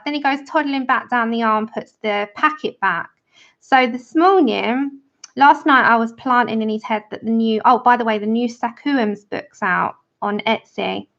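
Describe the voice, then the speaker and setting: Lady chatting on a colouring stream, kinda high voice with lots of fry, dull lo-fi sound. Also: a bit bright. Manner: chatty storytelling, laughs often. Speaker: livestream host. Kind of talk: casual chat while colouring on a livestream.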